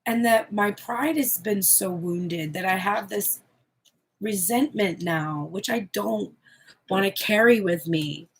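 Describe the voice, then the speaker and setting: A woman with a gravelly, slightly husky voice gives a channeled tarot reading. She talks candidly and expressively, cursing without holding back. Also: medium pitch, takes it slowly. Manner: candid, expressive, swears freely. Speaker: tarot reader.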